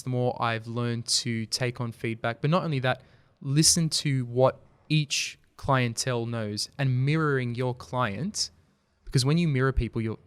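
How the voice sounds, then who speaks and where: A man speaking in a smooth, clean voice at a middle pitch. He tells stories earnestly as a podcast guest and livens up when he makes a point. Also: no echo. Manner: earnest, storytelling, animated when making a point. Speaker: podcast guest, video company founder. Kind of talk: casual conversational interview.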